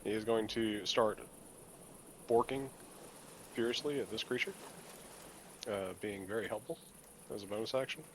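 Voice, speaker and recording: A man with a slightly low voice plays a tabletop game over voice chat. He talks through his turns in an eager, matter-of-fact way. A faint hiss sits under the recording. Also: moderate pace, long pauses, fairly bright tone. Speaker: player.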